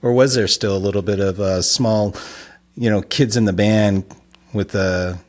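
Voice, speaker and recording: Male interview host, lowish voice, fumbles and restarts his questions. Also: fairly even intonation, moderate pace. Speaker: podcast host. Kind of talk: conversational interview.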